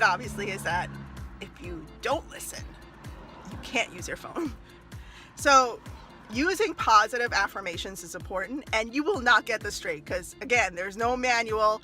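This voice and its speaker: A woman talking casually to camera as a mother and former early childhood teacher, animated and laughing often as she acts out little scenes. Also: medium pitch. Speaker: mother giving parenting tips. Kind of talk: casual advice vlog to camera.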